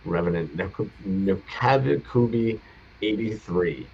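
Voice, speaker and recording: A man's voice: deep voice, animated, takes it slowly, vocal fry, darkish tone, lo-fi sound, slight background noise. A man co-hosting a casual livestream chat, laid-back and rambling, swearing freely. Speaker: co-host.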